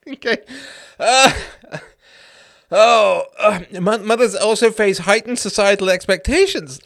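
A man's voice: high-pitched, normal speed, gravelly, fairly bright tone. A man hosting a livestream show, talking casually in a sarcastic, mocking way and breaking into fits of laughter. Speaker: host of a call-in livestream show. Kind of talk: casual monologue.

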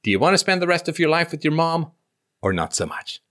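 A man's voice: fairly high pitch, big pitch swings, a little fast, a bit bright. A man hosting an advice call-in show, lecturing a caller emphatically and acting out quoted remarks mockingly.

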